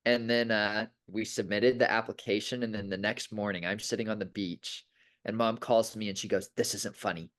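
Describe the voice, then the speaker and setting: A man's voice: fairly low pitch, normal speed. A young man, a reality show contestant, telling stories in a casual interview with lots of "like" and quoted dialogue. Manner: excited storyteller, quotes himself, filler "like".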